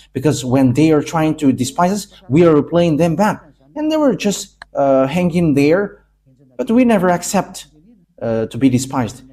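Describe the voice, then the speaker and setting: Male preacher, emphatic sermon delivery, mellow dark tone. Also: on the high side. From Madagascar. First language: Malagasy.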